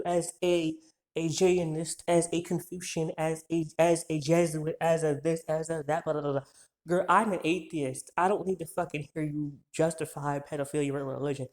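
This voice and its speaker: Worked-up young man ranting profanely. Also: fairly high pitch. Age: 20s. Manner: heated, profane, rapid-fire insults. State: worked up, stumbling over words. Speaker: vlogger telling a story. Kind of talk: storytime rant.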